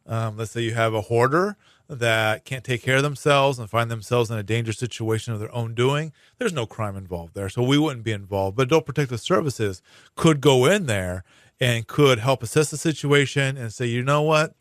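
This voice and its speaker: A man's voice: mid-range voice, moderate pace, no room sound. Man explaining things, dry studio. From Hawaii. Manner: chatty, explanatory, many fillers and restarts. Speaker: prosecuting attorney guest. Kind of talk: casual radio interview. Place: radio studio.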